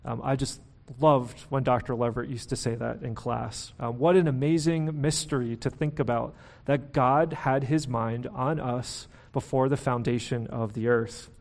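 A man preaching a sermon as pastor, talking in a relaxed, conversational way with fillers, restarts and a self-deprecating humor. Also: mid-range voice, normal speed, creaky.

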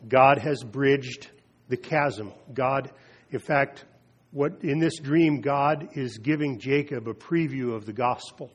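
A man preaching a sermon, retelling scripture with slow, emphatic pauses and drops in his voice. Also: mid-range voice, slightly rough. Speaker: pastor.

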